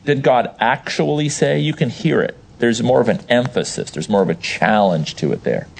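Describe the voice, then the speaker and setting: A man's voice: fairly low pitch, normal speed, gravelly, a little hiss or hum. A man teaching a Bible class, explaining verses with emphasis and putting questions to his listeners. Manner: animated, emphatic, asks the audience questions.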